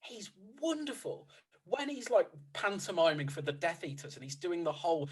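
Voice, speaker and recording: A man's voice: high voice, big pitch swings, moderate pace, slightly rough. A man chatting casually as a film critic guest on a podcast, enthusiastic and gushing, laughing often as he talks. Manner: giggly, laughs often while talking.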